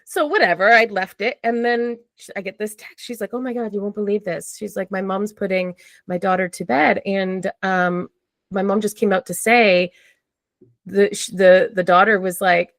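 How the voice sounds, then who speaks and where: A woman in a casual podcast chat, telling a story in an animated way, acting out quotes and saying "like" often. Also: medium pitch, normal speed, no echo. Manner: animated, acts out quotes, frequent "like". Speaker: podcast conversation partner.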